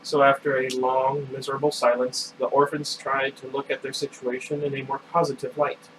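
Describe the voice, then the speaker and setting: A man's voice: mid-range voice, completely flat delivery, normal speed. A man casually reading a novel aloud, adding asides and correcting his own slips. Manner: reads with asides and self-corrections. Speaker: reader of a novel. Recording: distant mic with air conditioner hum.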